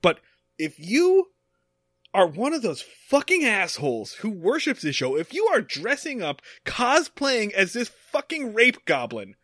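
A man's voice: high-pitched, wildly swooping pitch, unhurried, a bit bright, no echo, clean studio sound. A man co-hosting a podcast, ranting in heated, profane casual chat about a TV episode. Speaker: podcast co-host.

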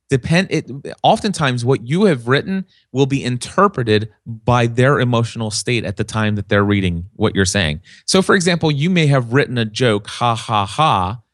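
A man talks in a lively, story-driven way, slipping into other people's voices as he makes his points. His voice sits in a middling register. The sound is dry and close, with no room around it. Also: medium pitch, dry recording. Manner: animated storyteller, acts out quoted voices. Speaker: podcast guest, podcasting consultant. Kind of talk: casual podcast conversation.

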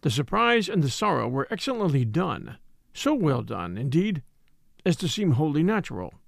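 A man reading a detective novel aloud as a measured storyteller, dry close recording. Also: big pitch swings, gravelly, no room sound. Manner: measured storytelling, slips into higher voices for characters. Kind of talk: audiobook narration with character voices.

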